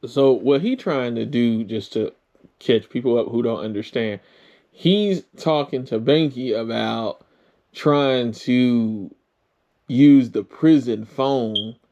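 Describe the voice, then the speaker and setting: A man's voice: medium pitch, slow pace, warm tone, highs cut off. A man hosting a reaction video, cutting in with teasing asides to viewers. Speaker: reaction channel host. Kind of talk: reaction commentary.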